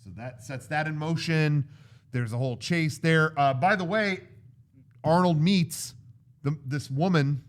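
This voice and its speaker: A man in his thirties co-hosting a casual movie chat, recapping the plot and acting out scenes with sudden shouted lines. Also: on the high side, measured pace. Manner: animated storyteller, acts out scenes with sudden shouted quotes. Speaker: co-host of a movie discussion show.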